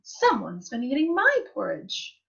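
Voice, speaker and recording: A woman's voice: fairly high pitch, wildly swooping pitch, measured pace, gravelly, a bit bright, full character voice. Woman doing a fretful Mama Bear. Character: fussy middle-sized Mama Bear. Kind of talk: storybook reading. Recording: muffled live-stream audio.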